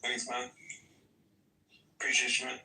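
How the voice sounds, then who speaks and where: A man's voice: mid-range voice, completely flat delivery, measured pace, bright, forceful tone. A man arguing hotly and profanely in an online voice-chat debate. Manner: heated, profane, emphatic. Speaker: debate participant. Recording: roomy, distant mic, faint noise.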